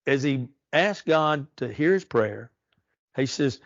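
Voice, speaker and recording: A man teaching a church Bible study, earnest and slow on the verses he stresses. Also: mid-range voice, expressive, no room sound, dull audio. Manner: earnest, reads verses slowly and emphatically.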